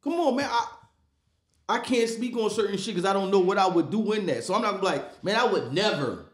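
A man's voice: sits high, fast, roomy sound. A man co-hosting a casual podcast discussion, talking emphatically and checking in with "right?" and "come on, man.". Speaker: podcast co-host.

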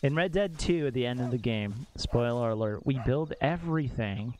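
A young man streaming a game live, reacting out loud, exclaiming and swearing as he talks to his chat. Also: medium pitch, animated, moderate pace, slight background noise. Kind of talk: live gameplay commentary.

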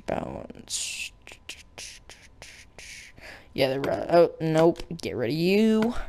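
A young woman talks through her gameplay in a loose, playful way, joking and muttering to herself as she goes. Her voice sits a little low for a woman. She chats to her viewers casually, as if they were right beside her. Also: darkish tone. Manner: playful, chatty, talks to in-game animals in a squealing baby voice. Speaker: gaming channel host. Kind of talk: casual game commentary.

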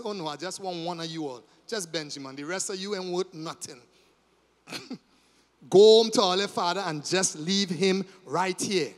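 A man preaching in a church with a long, ringing echo. His voice sits very high for a man. He tells the story dramatically, dropping to a hush and then rising to a shout. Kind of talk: sermon.

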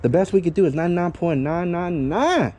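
A man's voice: high voice, expressive, moderate pace, a little mellow, poor audio. Talkative male dog trainer outdoors. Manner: talkative coaching, keeps checking in with "yeah?" and "okay?", swears casually. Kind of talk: explaining a training session to a dog owner. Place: outdoors by a parking area with cars.

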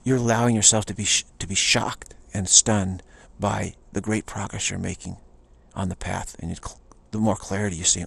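A man's voice: fairly low pitch, fairly even intonation, moderate pace, vocal fry, few pauses, fairly bright tone, slightly rough. A man giving an informal spiritual talk in a rambling, repetitive way, often slipping into quoted voices. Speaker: spiritual teacher.

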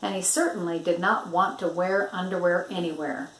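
An older woman, a grandmother, reading a picture book aloud in an expressive storytelling manner. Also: on the low side, normal speed. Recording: roomy echo.

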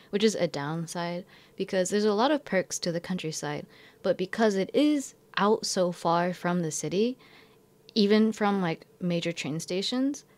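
A woman's voice: fairly low pitch, darkish tone. A young woman who teaches in Japan, telling a story in a casual vlog, rambling and filling her talk with "like" and self-corrections.

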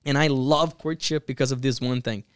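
A man speaks as a guest pastor on a podcast, earnest and animated as he acts out the lines in his stories. His voice is smooth and clear at a middle pitch. The sound is dry and close to the mic. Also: moderate pace, no echo. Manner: earnest, animated storyteller who acts out quotes. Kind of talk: casual podcast storytelling.

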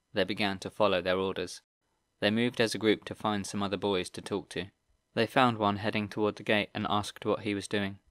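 A man narrating a middle-grade fantasy audiobook in a steady, even storytelling manner. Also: lowish voice, clean tone, no echo, studio quality. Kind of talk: scripted narration.

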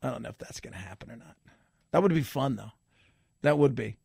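A man's voice: medium pitch, expressive, a little fast, vocal fry, darkish tone, husky, no echo, studio quality. A middle-aged man hosting a radio talk show, chatting casually with joking, sarcastic asides. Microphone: studio microphone.

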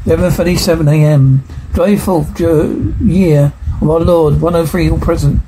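A man's voice: on the high side, fairly even intonation, normal speed, natural voice. An actor playing a stern male official who formally recites a ceremonial proceeding in a film. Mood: solemn. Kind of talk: film dialogue. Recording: noisy old film soundtrack.

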